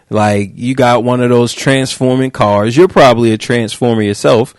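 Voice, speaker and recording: A man hosting a podcast, riffing in a joking, slangy, animated way. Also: mid-range voice, unhurried, few pauses, dry recording, studio quality. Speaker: podcast host. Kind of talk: casual podcast chat.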